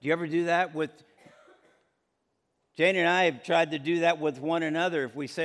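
A man's voice: on the high side, fairly even intonation, a little fast, pauses often, fairly bright tone. A middle-aged male pastor preaching a sermon in a conversational way, often asking the congregation questions.

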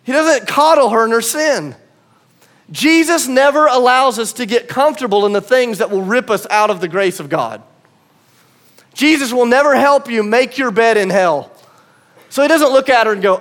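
A male pastor preaching a sermon, conversational and swinging from quiet asides to emphatic calls. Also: very high voice, expressive, normal speed.

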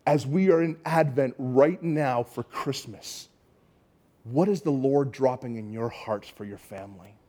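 A man's voice: medium pitch, unhurried. A man from Canada preaching, telling a story and acting out the people in it. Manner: animated storytelling, acts out quoted voices. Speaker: pastor. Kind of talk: sermon storytelling.

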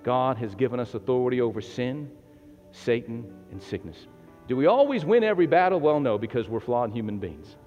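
A male pastor delivers an animated sermon with wide swings in pitch, laughing easily and calling for responses from the congregation. His voice carries a long church-hall reverb over a dull, lo-fi recording with faint music underneath. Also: fairly quick. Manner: animated, laughs often, swings from loud exhortation to hushed prayer. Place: church with live and online congregation.

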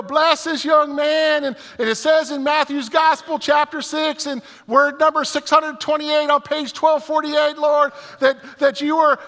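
A man voicing a wild, fervent church lady who prays loudly in a high, jumbled rush, heard with long reverb in a large church hall. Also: full character voice. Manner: high falsetto-like, breathless, jumbled.

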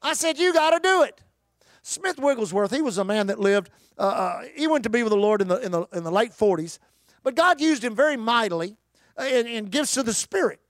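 High-voiced preacher, emphatic. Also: male voice, lively intonation, fairly quick, no echo, clean studio sound. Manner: emphatic, calls for congregation response. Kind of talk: sermon.

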